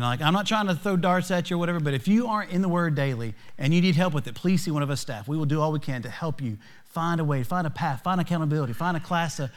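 Rambling man with a slightly high voice. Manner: openly emotional, rambling with restarts. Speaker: youth pastor hosting a podcast. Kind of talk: casual podcast talk with scripture reading.

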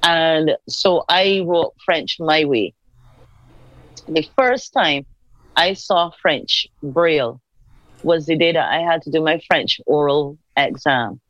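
A woman's voice: deep voice, slow, no echo. A woman from Barbados, a senator telling her own stories as an interview guest and acting out the dialogue. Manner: animated storyteller, acts out quoted dialogue. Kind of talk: casual storytelling interview. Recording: dull, dry recording.

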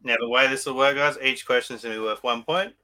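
A man's voice: medium pitch, fairly even intonation, quick pace, background noise. An Australian man hosting a collectors' podcast and running a quiz, upbeat and leading the talk. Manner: upbeat, leads the talk and explains rules. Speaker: podcast host.

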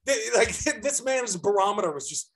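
Young male podcast co-host, somewhat high voice, rambling and animated, casual storyteller. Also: moderate pace, husky. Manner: animated, rambling with many fillers and restarts.

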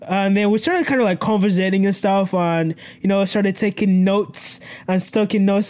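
A man's voice: high-pitched, measured pace, a little mellow, smooth. Young man, vlog storytelling, rambling, keeps correcting himself, swears and laughs a lot. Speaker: vlogger. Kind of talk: casual storytelling to camera.

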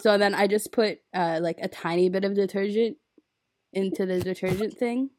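A woman's voice: mid-range voice, steady tone, normal speed, darkish tone, no room sound. Young woman telling a story, dry sound. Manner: storytelling, swearing freely. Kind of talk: casual chat.

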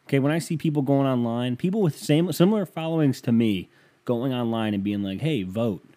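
Reading out listener emails on his laid-back solo podcast, a US host rambles sarcastically and curses without restraint. He sounds animated and talks a little fast, his medium-pitched voice carrying a dark tone.

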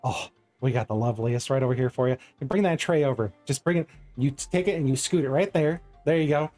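A man's voice: medium pitch, fast talker, warm tone, soft background music, natural voice. A man voicing a doting, motherly half-elf woman tavern keeper with a Southern US accent, fussing over a guest and calling her honey.

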